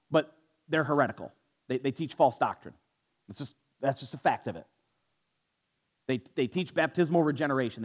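A male pastor preaching a sermon in a conversational, storytelling manner with a sarcastic edge. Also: on the high side.

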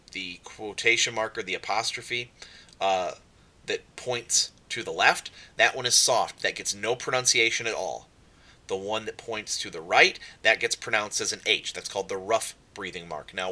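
A man's voice: on the low side, sharp tone. A man teaching Greek letters and accents in a casual way, often repeating himself and saying um. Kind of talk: explaining at a whiteboard.

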